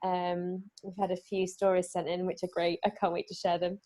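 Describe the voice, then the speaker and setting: A woman's voice: on the low side, level tone, normal speed, mellow. An English woman, an actress guest in a casual interview, easygoing and full of fillers. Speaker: actress and paranormal investigator guest.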